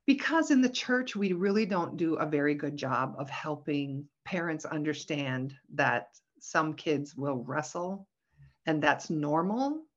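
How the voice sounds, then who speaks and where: Middle-aged mom type, lower voice, storytelling with lots of feeling, kinda dull lo-fi audio. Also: female voice, measured pace. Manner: expressive storyteller, animated when quoting, laughs often. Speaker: guest, Christian parenting author. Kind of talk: casual podcast conversation.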